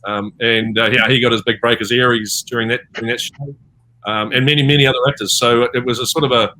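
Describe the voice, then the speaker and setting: A New Zealand man, a voice actor, tells rambling stories packed with fillers during a panel interview held over a video call. His voice sits at medium pitch with a steady tone, and he talks at a quick pace that sounds pushed and bright.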